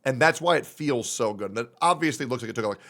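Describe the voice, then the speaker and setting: A young man streaming his reactions, blunt and profane in his opinions. His voice is bright and forward, swinging widely in pitch as he rants. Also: animated, fast talker. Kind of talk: casual reaction commentary.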